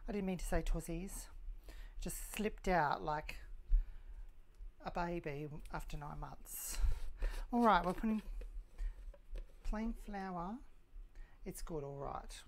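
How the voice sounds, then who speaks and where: Chatty jokey woman streaming live. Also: fairly low pitch. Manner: chatty, jokey, self-mocking. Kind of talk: casual live-stream cooking chat. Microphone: clip mic, sometimes moved.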